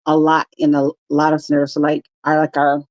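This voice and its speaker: A woman's voice: sits low, monotone, a little fast, darkish tone, dry recording, dull audio. A middle-aged woman co-hosting a live chat show, talking in a direct, matter-of-fact way. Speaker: co-host.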